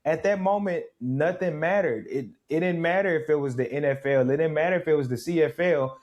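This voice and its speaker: Guy from mississippi telling his story, kinda higher voice, gets animated. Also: fairly quick, dull audio. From Mississippi, USA. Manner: reflective, animated storytelling with laughs. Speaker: guest, former pro football player. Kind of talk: storytelling in a casual interview.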